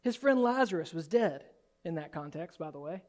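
A man preaching a sermon as pastor in a church, swinging from soft, low asides to loud, high exclamations. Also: expressive, moderate pace. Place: church sanctuary.

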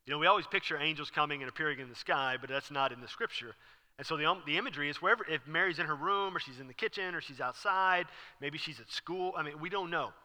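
A man preaching a sermon as pastor, talking casually and acting out the scene with sudden loud bursts. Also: fairly high pitch, quick pace. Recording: long reverb hall.

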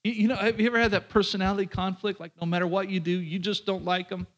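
A pastor with a fairly high voice preaches to his congregation. He talks in a conversational way, throws in joking asides, and often repeats phrases and restarts his sentences as he goes. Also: level tone, fast. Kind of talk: sermon.

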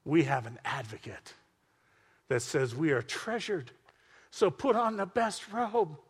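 A middle-aged male pastor preaching a sermon, swinging between soft, intimate passages and loud, shouted climaxes. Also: on the high side, big pitch swings, a little slow, slightly rough, in a large hall.

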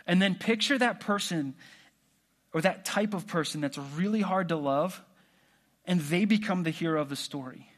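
A man preaching a sermon in a relaxed, conversational way, asking the congregation questions. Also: sits high, normal speed. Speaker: pastor.

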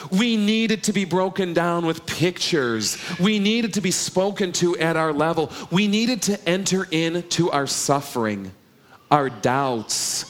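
A middle-aged man delivers a sermon in an earnest, conversational way. His voice sits a little higher than most men's. He keeps turning to the congregation with rhetorical questions. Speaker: pastor.

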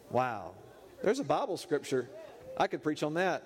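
A man preaching, telling a funny story in an animated, playful way. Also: medium pitch, slow. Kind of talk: humorous sermon storytelling. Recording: echoey hall reverb.

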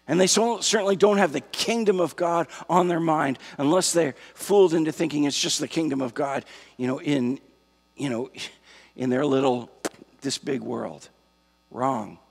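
A pastor preaching a sermon to his church, slow and emphatic, repeating key phrases. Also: fairly high pitch, gravelly, darkish tone, husky. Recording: long hall reverb.

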